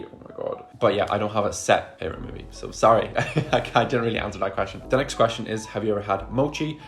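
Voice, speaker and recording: Chatty young man, low voice. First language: Russian. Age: 20s. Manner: chatty and enthusiastic, swears often. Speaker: vlogger. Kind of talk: casual Q&A chat to camera. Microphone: camera he sets up himself.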